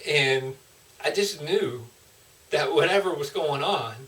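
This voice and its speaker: A man's voice: fairly high pitch, animated, slow pace, fairly bright tone, distant mic, rough recording. A man, a motivational speaker, telling an emotional personal story in an earnest, heartfelt way with frequent restarts.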